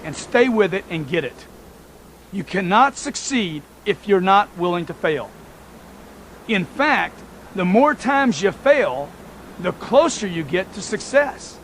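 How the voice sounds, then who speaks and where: A man's voice: sits high, a bit bright, a little hiss or hum. A man giving a motivational talk, emphatic and repetitive, speaking straight to his listeners as folks.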